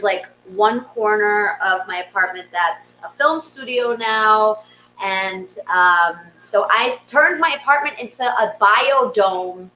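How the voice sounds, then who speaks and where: A woman's voice: mid-range voice, sharp tone. A woman hosting and telling a casual comic story from her small apartment, chatty and self-mocking with many ums. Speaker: host and storyteller. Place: small home apartment, closet studio. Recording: roomy echo, faint hum.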